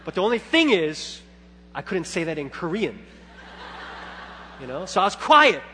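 A man in his thirties preaches to his congregation in a high, bright voice. He moves from quiet reflection to loud, animated storytelling, acting out his own thoughts. His voice rings through a reverberant church hall over a faint hum. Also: normal speed. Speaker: pastor. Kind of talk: sermon.

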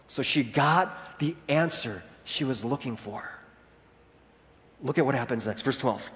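A man's voice: medium pitch, animated, a little slow, a bit bright, husky, long reverb tail. A man preaching an expository sermon, explaining and retelling scripture with emphasis. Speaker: pastor.

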